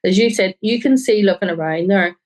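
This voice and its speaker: A woman's voice: medium pitch, a little fast, low-quality recording. A woman journalist, a guest on a crime podcast, talking earnestly and often quoting people she met. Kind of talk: podcast interview.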